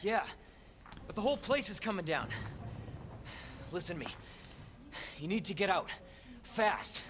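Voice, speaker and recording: A man's voice: high-pitched, animated, measured pace. An actor playing a young male rookie cop in a video game, giving urgent, clipped commands.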